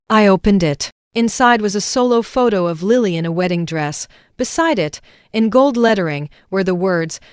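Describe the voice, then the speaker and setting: A woman narrating a first-person drama story in a calm, even way. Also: medium pitch, normal speed, clean tone, dry recording, clean studio sound.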